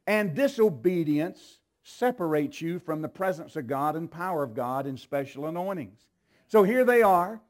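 A man preaching a sermon as pastor, swinging between low, slow teaching and loud, shouted exclamations. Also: lively intonation.

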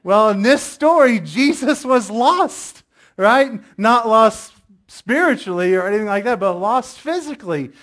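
Middle-aged pastor guy, pretty high voice, chatty sermon, lots of stories and questions to the crowd. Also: lively intonation, measured pace, fairly bright tone. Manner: storytelling, conversational, asks congregation questions.

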